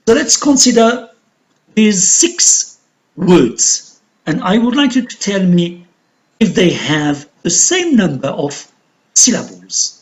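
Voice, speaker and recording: Slow, lively-voiced male English teacher. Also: sits high. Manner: slow, deliberate, repeats model words. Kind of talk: recorded pronunciation lesson.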